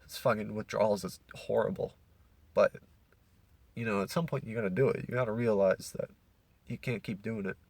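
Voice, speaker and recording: A man's voice: on the low side, fairly even intonation, a little fast, creaky, long pauses, darkish tone, no room sound. A young man from Canada ranting casually as a podcast host, profane and rambling with many restarts.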